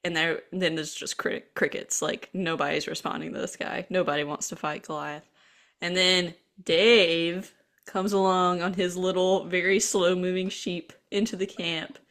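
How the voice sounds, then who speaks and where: A young adult woman co-hosting a podcast, chatting casually as she recaps a cartoon and acts out bits of dialogue in quick put-on voices. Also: on the low side. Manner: animated storyteller, acts out lines in quick voices. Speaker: podcast co-host.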